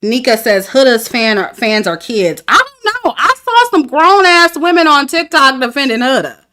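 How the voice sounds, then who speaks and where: A woman's voice: sits high, very animated, normal speed, bright, forceful tone. A woman, talking casually to her chat about a dating show, candid and laughing often. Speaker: reality TV commentator. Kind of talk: casual review livestream.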